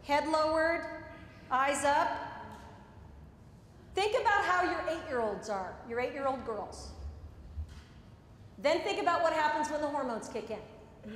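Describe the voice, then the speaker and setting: A woman with a high voice runs a live workshop and coaches a room of attendees in a direct, brisk way. She is recorded in an echoey meeting room with a long reverb tail. Faint room noise sits behind her. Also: animated, fairly bright tone. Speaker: workshop trainer. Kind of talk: live workshop lecture and demo. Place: meeting room before a group. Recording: echoey room, mic at a distance.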